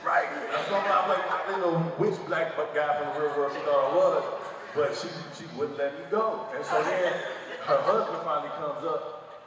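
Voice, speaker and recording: A man's voice: fairly high pitch, moderate pace, dull audio, crowd noise. A man hosting a convention panel, telling comic stories and acting out the people in them. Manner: animated, does voices of people in his stories. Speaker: panel host, actor. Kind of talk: comic storytelling on stage. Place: large convention hall panel. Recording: echoey convention hall, distant mic, loud noise.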